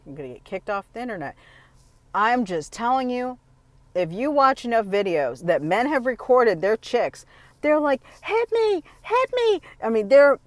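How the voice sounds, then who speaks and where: A woman vlogger speaks to camera in a casual, opinionated monologue, blunt and emphatic, frequently starting her sentences over. Her voice is mid-range and the recording is dry.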